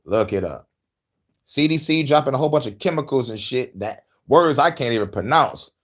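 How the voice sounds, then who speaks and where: A middle-aged man hosting a casual rant podcast, profane and animated, laughing often and shouting at times. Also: medium pitch, normal speed. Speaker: podcast host.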